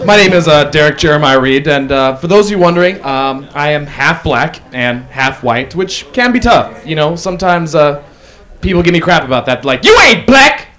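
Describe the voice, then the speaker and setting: A man doing a stand-up comedy set, deadpan setups broken by loud acted-out quotes. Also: fairly high pitch, moderate pace. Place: comedy club stage. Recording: live club audience laughing. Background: audience laughter.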